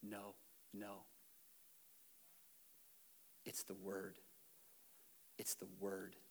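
A man voicing Jesus as a calm, patient figure who speaks softly and slowly, dropping to a whisper. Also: deep voice, vocal fry, voice pushed down, exaggerated voice. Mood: gentle pleading. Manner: soft, slow, sinking to a whisper.

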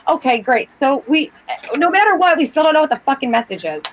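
A woman with a somewhat high voice talks in emphatic, casual chat and swears often. Faint room ambience hums behind her. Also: big pitch swings, fast, noisy background. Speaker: guest describing a haunting.

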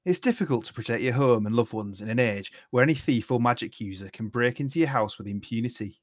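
A man voicing a gruff Northern male dwarf who pitches home security in a hard-sell advert, with a put-on Yorkshire accent. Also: animated, fast, no room sound, studio quality, natural voice. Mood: salesy.

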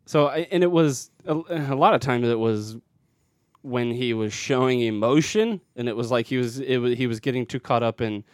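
Smooth-voiced man reviewing a film. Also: mid-range voice, moderate pace, no echo, clean studio sound. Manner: hesitant, restarts often, opinionated. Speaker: podcast co-host. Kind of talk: casual movie review chat.

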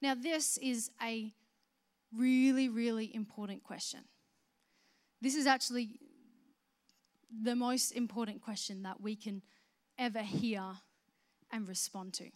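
A woman preaching a sermon, swinging from soft, conversational explanation to loud, emphatic proclamation. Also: fairly high pitch, fairly even intonation, measured pace, long pauses. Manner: conversational, with restarts and filler words.

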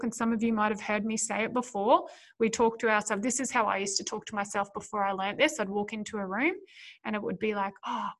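Woman, podcast host, slightly high voice, earnest and encouraging, speaks right to the listener. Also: a bit bright. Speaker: podcast host and business coach for mothers. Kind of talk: solo podcast talk.

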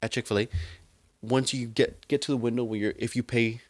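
A man's voice: medium pitch, flat delivery, fairly quick, no room sound. A young man on a casual podcast, telling a long story in a rambling, slangy way full of fillers. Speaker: podcast co-host. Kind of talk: casual chat.

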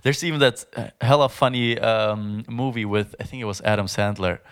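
Smooth-voiced young man chatting on a podcast. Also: on the low side, fairly even intonation. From Germany. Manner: chatty, fast-talking, many fillers and restarts. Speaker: podcast co-host. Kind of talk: casual podcast chat.

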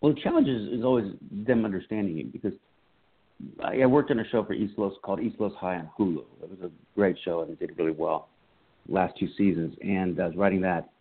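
An animated man tells stories in a casual interview and slips into voices for the people he quotes. His voice sits low and sounds husky. The sound is thin and narrow, like a phone call. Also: brisk. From United States. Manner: animated storyteller acting out quotes. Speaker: guest, comedian and writer. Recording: phone-like line.

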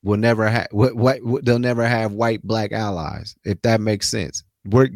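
A man's voice: on the low side, normal speed, creaky, a little mellow, no echo. A man co-hosting a casual sports talk podcast, speaking loosely in slang with frequent restarts. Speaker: podcast co-host.

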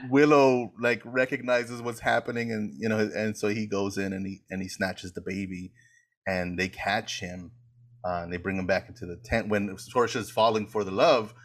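Lower-voiced male podcast co-host who rambles and laughs through a plot recap, casual and unscripted. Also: fairly even intonation, moderate pace. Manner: rambling retelling, laughing often. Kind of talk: casual rewatch chat.

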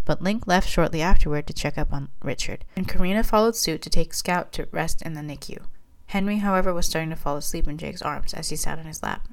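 A woman reading her own fan fiction aloud in a steady, plain way. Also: deep voice, poor audio. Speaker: reader.

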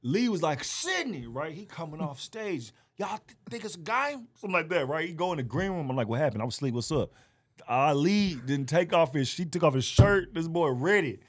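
A man guesting on a podcast, telling a long story in animated fashion and acting out the voices of the people in it. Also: fairly high pitch, brisk. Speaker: guest comedian. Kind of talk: casual podcast chat.

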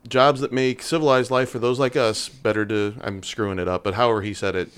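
A man co-hosting a casual podcast, joking and making quick asides. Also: medium pitch, fairly even intonation, clean tone. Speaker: podcast co-host. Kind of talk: casual chat.

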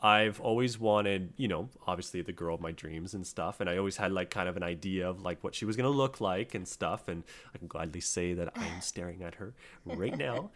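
Low-voiced rambling young podcast man. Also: a little fast, a bit bright. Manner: rambling, filler-heavy storytelling. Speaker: podcast co-host. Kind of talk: casual podcast chat.

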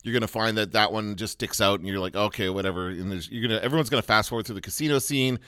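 A man's voice: fairly low pitch, rapid-fire, pushed and bright, smooth, dry recording, studio quality. A man co-hosting a podcast, talking in a rambling casual way with many restarts and fillers. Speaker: podcast co-host. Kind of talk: casual chat.

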